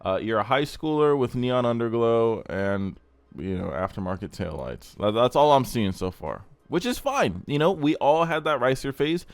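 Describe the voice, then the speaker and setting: A man's voice: medium pitch, very animated, normal speed, no echo. A young man hosting a car channel, giving blunt, crude, rambling casual commentary.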